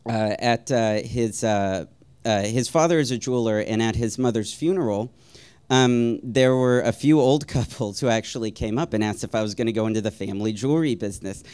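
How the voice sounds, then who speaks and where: A man telling a personal story in a wry, self-deprecating way, rambling a little with ums and uhs and soft chuckles. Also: lowish voice, a little fast, clear, resonant tone.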